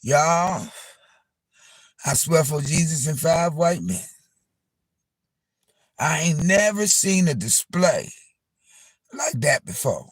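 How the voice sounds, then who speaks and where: A man hosting a live stream, telling a story in a loose, animated way, repeating himself, swearing, and calling his viewers y'all. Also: on the high side, slow pace, pauses often, no echo, clean studio sound. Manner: animated, repetitive and profane, addressing viewers as y'all. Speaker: livestream host.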